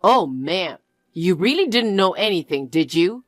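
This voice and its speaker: A woman's voice: fairly low pitch, sing-song, measured pace, dry recording. A woman voicing a smug, cheating young fiancé in a one-voice story narration, talking in a dismissive, self-justifying way.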